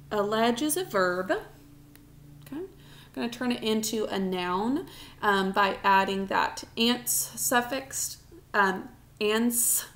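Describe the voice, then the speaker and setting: A woman teaching a recorded spelling lesson, sounding out words slowly, syllable by syllable, for students at home. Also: on the high side, creaky, fairly bright tone.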